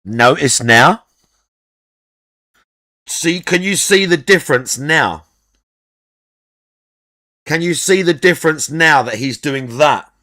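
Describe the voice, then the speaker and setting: A man's voice: a little high, expressive, slow, long pauses, bright, forceful tone. A man giving reaction commentary, critically explaining arm muscles in a rambling way. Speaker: reaction host.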